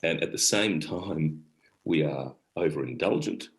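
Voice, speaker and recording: Sharing stories as a guest, a middle-aged Australian actor rambles warmly and casually, frequently leaving sentences unfinished. He speaks unhurriedly in a bass voice, and the audio is poor.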